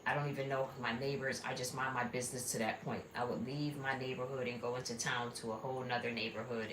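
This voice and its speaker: A woman live streaming, telling a rambling personal story in a blunt, repetitive, conversational way. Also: extremely low pitch. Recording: echoey room with steady background noise.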